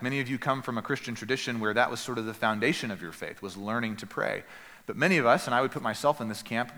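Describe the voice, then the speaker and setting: A man preaching a sermon as pastor, earnest and emphatic, with dramatic pauses and quiet drops. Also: medium pitch, long reverb tail.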